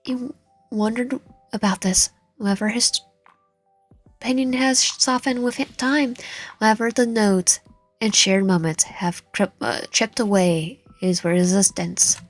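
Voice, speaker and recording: A woman's voice: mid-range voice, takes it slowly, soft background music. A woman reading a romance visual novel aloud, with frequent slips and self-corrections. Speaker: gaming channel host.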